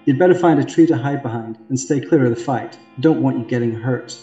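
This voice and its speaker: A man's voice: mid-range voice, brisk, warm tone, reverberant, muffled recording, faint music behind, close to an everyday voice. A man reading as an earnest young prince. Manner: earnest, protective. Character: earnest young prince, dutiful and put-upon.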